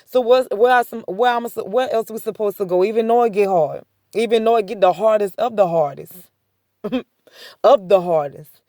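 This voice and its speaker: A woman speaking a heartfelt faith testimony in a relaxed, chatty manner, circling back with "I said" again and again. Her voice sits at an ordinary middle pitch. The recording is dry and close, with no room echo. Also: moderate pace. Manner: repetitive, conversational storytelling with many "I said" asides; chuckles between points. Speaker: faith vlogger. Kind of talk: casual spoken testimony.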